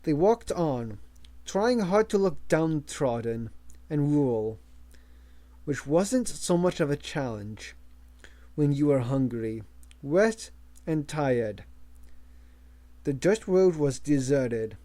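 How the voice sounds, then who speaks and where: A man reading a novel aloud as an amateur audiobook narrator, measured, with small slips and restarts. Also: fairly high pitch, expressive, warm tone. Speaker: audiobook reader.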